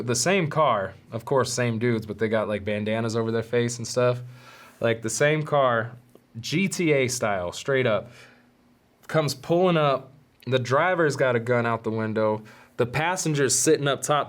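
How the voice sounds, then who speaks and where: Man telling a story, casual and slangy. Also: medium pitch. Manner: animated, profane, slangy storytelling. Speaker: podcast host.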